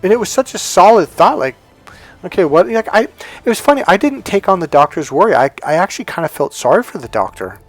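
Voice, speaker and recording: A man's voice: sits high, very animated, brisk, dry recording. A man coaching on life and dating, telling a personal story in a chatty, repetitive way. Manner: conversational, repeats "he goes" while retelling dialogue. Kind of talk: motivational storytelling monologue.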